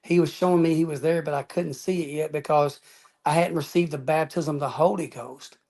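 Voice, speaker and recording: A man's voice: fairly high pitch, steady tone, fairly quick, darkish tone. A man telling his personal testimony as an interview guest, earnest and emphatic, often adding "man" and "y'all".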